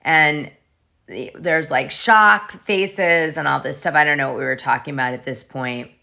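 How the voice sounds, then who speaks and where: Low-voiced woman dishing gossip. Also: fairly even intonation, measured pace, gravelly, bright, forceful tone. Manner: chatty, profane, reads messages aloud. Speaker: gossip show host. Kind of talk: casual gossip vlog.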